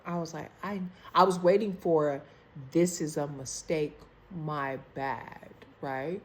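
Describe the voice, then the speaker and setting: A woman's voice: low voice, fairly even intonation, slow, a little hiss or hum. A young woman telling a dating story over a phone video call in a candid, chatty, profane way, calling her listener "girl" and "baby". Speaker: storytime vlogger.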